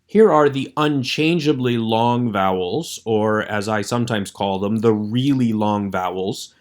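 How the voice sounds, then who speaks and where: Male instructor, lowish voice, measured lecture delivery, slows to demonstrate pronunciations. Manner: measured, explanatory, slows to model vowel sounds. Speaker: Hebrew instructor. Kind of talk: recorded lecture.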